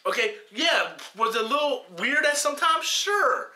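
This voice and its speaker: Heated male reviewer, high piercing voice, swears constantly, echoey room. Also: very animated, moderate pace, pushed and bright. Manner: heated, emphatic, swears a lot. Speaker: film reviewer. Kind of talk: profane ranting film review.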